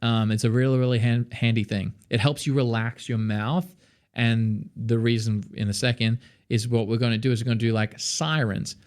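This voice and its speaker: A man's voice: medium pitch, little pitch movement, moderate pace, a little mellow, clean tone. A young Australian man with an Australian accent, teaching singing in a casual, chatty way full of fillers. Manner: chatty, lots of fillers, sings demonstrations. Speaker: vocal coach. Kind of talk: casual vocal lesson.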